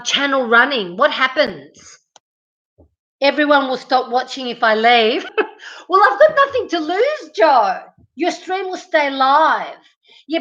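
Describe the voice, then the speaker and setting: Through a muffled laptop-mic recording, a woman's high, pushed, bright voice comes across as she casually chats with her home livestream audience, addressing them directly while moving between rooms.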